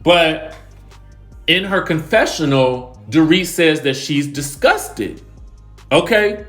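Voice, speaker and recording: Dude doing a reality tv recap, kinda high voice, emphatic and slangy, faint music under it. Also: male voice, animated, slow, fairly bright tone. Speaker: celebrity gossip YouTuber.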